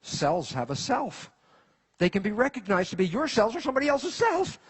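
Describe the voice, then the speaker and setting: A man giving a lecture to a live audience, animated and throwing rhetorical questions at the listeners. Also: sits high, normal speed, husky. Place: in front of an audience.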